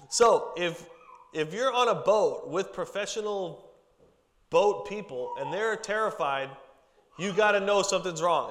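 A man's voice: high-pitched, a bit bright. A man preaching a casual, joking sermon to a group, with chatty asides. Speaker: pastor. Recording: long hall reverb.

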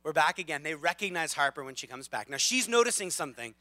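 A man in his thirties preaching a sermon as a lively, self-deprecating storyteller, with big swings in loudness. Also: a little high, fast, dry recording. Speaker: pastor.

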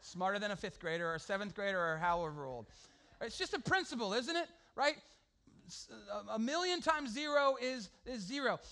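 A man preaching a sermon to a congregation, animated and joking with the crowd. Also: high voice, brisk. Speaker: pastor.

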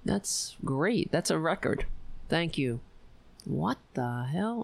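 A woman's voice: sits low, takes it slowly, gravelly. A woman hosting a live stream, giving casual political commentary with a lot of swearing and sarcasm. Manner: profane, animated, sarcastic.

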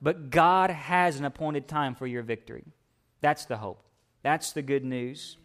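A man preaching a sermon as pastor, building to fervent, raised exhortations before easing into a soft, low closing prayer. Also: measured pace.

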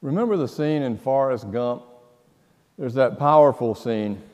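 A man preaching a sermon, telling stories slowly and dramatically, dropping to a hush and then breaking into loud outbursts. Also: medium pitch, long reverb tail, dull audio. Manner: slow, dramatic storytelling with sudden loud outbursts and hushed passages. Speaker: pastor.

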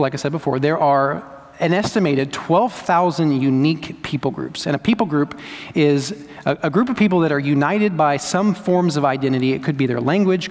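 A man's voice: a little high, a little mellow, long reverb tail. A man preaching a sermon as pastor, emphatic, repeating key words and asking rhetorical questions.

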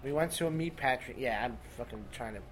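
A man's voice: medium pitch, fast talker, fairly bright tone. A young man chatting casually as host, rambling through anecdotes with lots of fillers. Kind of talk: casual chat. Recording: background noise.

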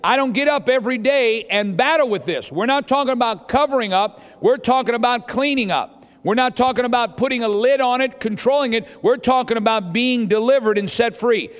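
A high-pitched man preaching a sermon, bouncing between storytelling and questions fired at his congregation. He slips into little voices for the people he quotes. His voice rings out with a long echo in a big church hall. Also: brisk. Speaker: pastor.

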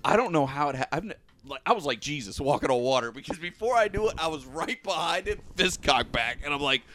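Slight hiss or hum sits under a quick, higher-pitched male voice. He's a podcast co-host casually relating a long, profane story to friends, laughing and animatedly performing the quotes of the people involved.

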